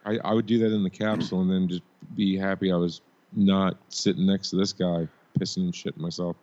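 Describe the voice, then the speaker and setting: A man's voice: deep voice, level tone, a little fast, darkish tone, highs cut off. A man co-hosting a casual podcast, rambling, swearing and laughing often while he talks about a TV episode. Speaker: podcast co-host and editor. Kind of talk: casual chat reviewing a TV episode.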